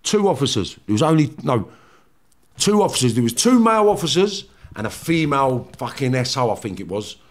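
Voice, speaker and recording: Here the former prisoner from London speaks at a medium pitch with big swings up and down. His podcast storytelling is heated and blunt, packed with swearing and rapid restarts, and he acts out the confrontations.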